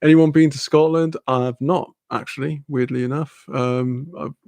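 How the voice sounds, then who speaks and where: A man's voice: mid-range voice, steady tone, moderate pace, creaky, a little mellow, no room sound. A young man from Newcastle with a Newcastle accent chatting casually on a livestream, rambling, laughing often and swearing freely as he answers chat. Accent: Newcastle English. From Newcastle, England. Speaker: streamer reading chat.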